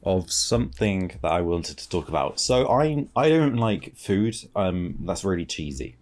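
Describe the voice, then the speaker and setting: A man's voice: low-pitched, sing-song, unhurried, darkish tone. A man guesting on a casual podcast, joking around and arguing points in a playful way.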